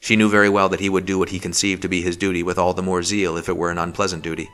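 Deep voiced guy reading an audiobook, steady and measured, bright crisp tone. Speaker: audiobook narrator. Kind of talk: scripted narration.

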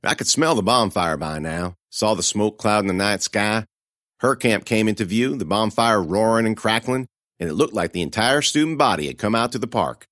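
A man reading a first-person horror story in a dramatic, expressive way. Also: lowish voice, normal speed, no room sound, clean studio sound.

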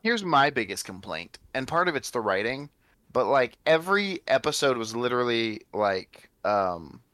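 A man's voice: mid-range voice, moderate pace, no room sound. A man co-hosting a podcast who complains in a casual chat and says "like" a lot. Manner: animated and complaining, with lots of "like". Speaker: podcast co-host.

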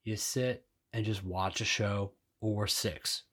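A man's voice: on the low side, fairly even intonation, slow, fairly bright tone. A man co-hosting a podcast, chatting casually and joking with his wife. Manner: joking, conversational. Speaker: podcast co-host. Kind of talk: casual chat.

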